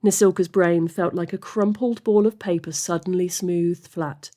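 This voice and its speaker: Woman narrating a fantasy story, steady, expressive, audiobook style. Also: on the low side, normal speed. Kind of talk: audiobook fiction reading.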